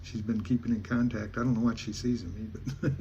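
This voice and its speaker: A man's voice: fairly low pitch, level tone, quick pace, dark tone, muffled recording, a little hiss or hum. A man from Alaska, a travel vlogger, telling a rambling, folksy story in casual talk with many restarts.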